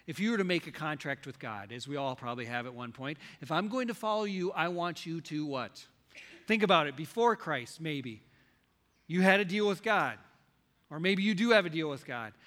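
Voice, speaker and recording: Forceful male pastor in a reverberant hall. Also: fairly high pitch. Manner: questions the congregation, swings between loud and soft. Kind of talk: sermon.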